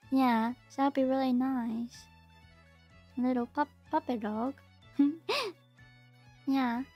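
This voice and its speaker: A woman chatting casually on a live stream, rambling and hesitant with lots of fillers. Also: high voice. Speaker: VTuber streamer.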